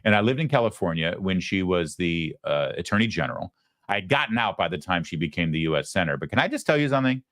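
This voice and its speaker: A man's voice: low-pitched, lively intonation, fast talker, a bit bright, no echo, clean studio sound. A man hosting a political talk show, sarcastic and mocking as he comments. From United States. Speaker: host.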